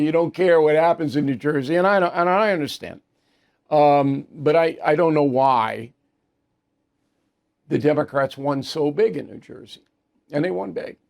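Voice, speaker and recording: A gravelly male commentary host. His voice sits fairly high for a man and carries a fry in it. He delivers his opinions bluntly and with emphasis. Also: a little mellow. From New York area.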